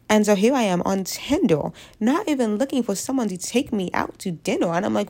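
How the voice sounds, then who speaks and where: A woman's voice: mid-range voice, lively intonation, unhurried, vocal fry, a little mellow. A young woman with a stuffy head cold chatting casually in a rambling, self-deprecating, jokey way. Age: young adult. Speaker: vlogger. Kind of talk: casual confessional chat.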